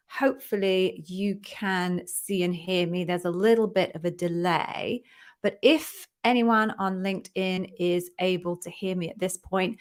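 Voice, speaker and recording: English woman chatting to her live stream, upbeat, says hi to everyone by name. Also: medium pitch. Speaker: interview coach hosting a live Q&A. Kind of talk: casual live-stream chat. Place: home office with a ring light.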